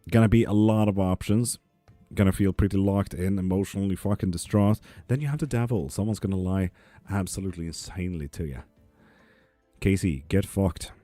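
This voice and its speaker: A man's voice: sits low, brisk, warm tone, dry recording, soft background music. A man hosting a live tarot stream in his apartment, chatting casually and reading out viewer comments with sarcastic, profane humor. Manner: profane, sarcastic, laughs often.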